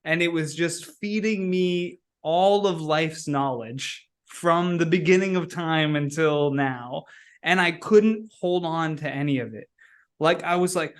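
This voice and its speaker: A male podcast host telling stories in a casual, animated way, with many "like" fillers. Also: a little high, a little slow. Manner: animated storyteller, heavy use of "like". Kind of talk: casual conversational interview.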